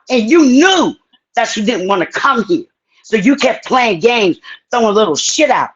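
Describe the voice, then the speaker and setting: An angry woman speaking, hammering a man with pointed questions on a live stream. Her voice is husky and a little breathy. The audio sounds muffled and lo-fi. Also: medium pitch. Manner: angry, confrontational, profane. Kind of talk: heated live-stream confrontation.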